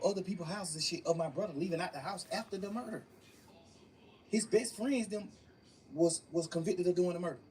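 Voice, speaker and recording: Here the interviewee is a young man with a high-pitched, somewhat dark voice. He recounts his story forcefully and profanely, repeating phrases often, picked up by a distant mic with faint room noise.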